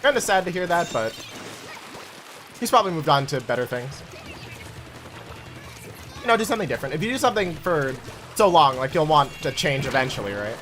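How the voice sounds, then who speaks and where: A young man chatting casually to his viewers while playing a game, animated and chatty. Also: fairly high pitch, fairly quick, long pauses, a little hiss or hum. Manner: animated, chatty, talks to chat. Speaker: game streamer. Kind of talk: casual live-stream chat while gaming.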